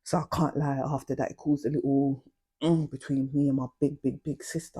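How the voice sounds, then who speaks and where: A woman's voice: rumbling low, fairly even intonation, moderate pace, warm tone, slightly rough. A young adult woman, chatting casually and confidingly about her past in slang-heavy storytelling. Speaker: vlogger.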